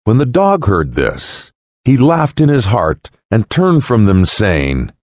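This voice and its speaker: A man reading parables aloud in a solemn, deliberate storytelling voice. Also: huge pitch swings, a little mellow, no room sound. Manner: solemn, deliberate, with wide swings in pitch. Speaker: narrator. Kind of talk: slow dramatic reading of parables.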